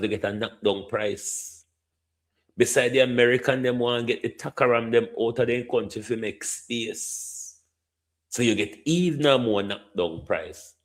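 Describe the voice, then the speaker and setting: A middle-aged Jamaican man giving opinionated commentary, stretching key words for emphasis and ending points with a questioning "hmm?". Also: medium pitch. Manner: repeatedly addresses a minister by name, drawn-out emphasis, tag "hmm?". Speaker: political commentator.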